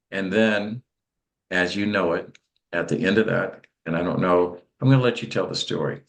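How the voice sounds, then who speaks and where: Man, interview host, very deep voice, emphatic chatty delivery. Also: moderate pace, vocal fry. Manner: emphatic and chatty, with stammered repeats.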